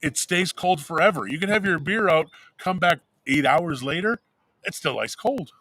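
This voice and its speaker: A man's voice: on the high side, animated, moderate pace, fairly bright tone, no room sound. A man co-hosting a casual livestream chat outdoors, a playful teller of exaggerated stories. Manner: playful tall-tale teller. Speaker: co-host. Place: outdoors in direct sun.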